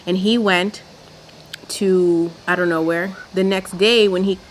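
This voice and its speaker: A woman's voice: lowish voice, fairly even intonation, measured pace, a little hiss or hum, poor audio. A young woman doing a casual reality show recap, sassy and blunt, swearing freely while doing her makeup at home. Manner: sassy, blunt and outspoken, sprinkling in mild swearing. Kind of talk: casual commentary.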